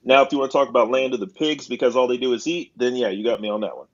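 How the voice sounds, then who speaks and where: A man's voice: mid-range voice, steady tone, rapid-fire, crowd noise. A man on a podcast panel, giving short, blunt replies and ribbing the others. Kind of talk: casual podcast banter. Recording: dull lo-fi mic.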